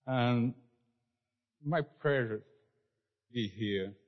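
A man from Brazil whose first language is Portuguese, speaking at church in halting, simple English with a Brazilian accent. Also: medium pitch. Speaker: preaching school president, guest speaker. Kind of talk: church talk. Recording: echoey church hall, dull lo-fi sound.

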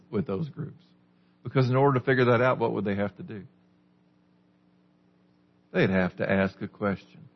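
A man's voice: mid-range voice, creaky, highs cut off. A man preaching a sermon as a pastor, teaching a small group with questions in a conversational way. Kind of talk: sermon, Bible study.

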